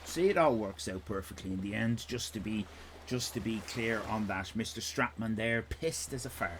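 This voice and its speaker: A man's voice: on the low side, normal speed, a little hiss or hum. An Irish man hosting a live stream in casual chat, rambling from one tangent to the next with jokes and swearing. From Ireland. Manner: rambling, digressive, sweary, jokey.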